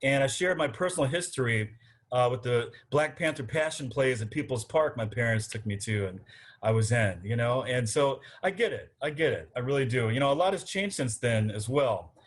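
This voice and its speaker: A man's voice: mid-range voice, animated, moderate pace. Earnest man giving a forum speech. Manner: earnest, rhythmic, speechmaking delivery. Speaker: city council candidate. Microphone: video call.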